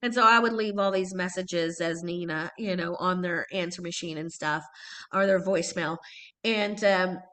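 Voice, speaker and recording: A middle-aged woman from Texas, an actress telling stories in a casual interview, animated and laughing often. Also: fairly low pitch, normal speed. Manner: animated storyteller, laughs often, acts out quotes. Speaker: guest actress.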